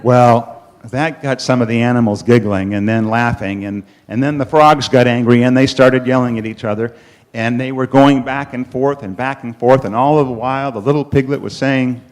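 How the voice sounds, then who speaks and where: A man telling a children's story at a worship service, animated, with dramatic pauses. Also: mid-range voice.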